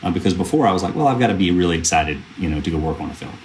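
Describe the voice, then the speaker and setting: A film producer in his thirties, guesting on a podcast, tells earnest stories in a casual interview, rambling with fillers and restarts. His low voice is animated and very fast, with slight background noise.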